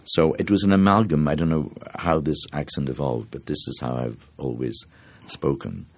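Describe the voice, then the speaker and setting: An older man from Dublin with a soft mid-Atlantic Dublin accent, an actor telling stories in an interview in a reflective, meandering way. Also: rumbling low, steady tone, normal speed. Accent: Dublin, South Circular Road. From Ireland. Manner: reflective, anecdotal, with many restarts and fillers. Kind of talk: interview, storytelling.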